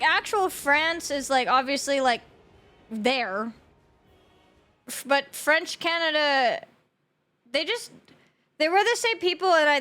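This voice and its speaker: This young adult woman has a high, fairly bright voice. She's streaming a game and chats casually and ramblingly with her viewers, swearing often and laughing a lot.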